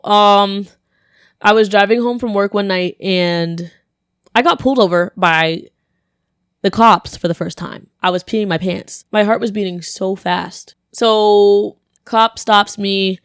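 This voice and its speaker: A young woman hosting a podcast and telling funny stories in a casual, animated way, laughing often and filling her talk with "like". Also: medium pitch, clear, resonant tone, no room sound, studio quality. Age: young adult. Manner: animated, laughing, full of "like" fillers. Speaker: podcast host.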